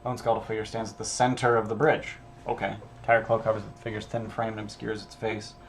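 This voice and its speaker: Gravelly low-voiced man prepping a game. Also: little pitch movement, fast, a little hiss or hum. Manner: thinking aloud, offhand, sprinkled with casual swearing. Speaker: game master. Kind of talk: casual solo prep stream, reading module text aloud.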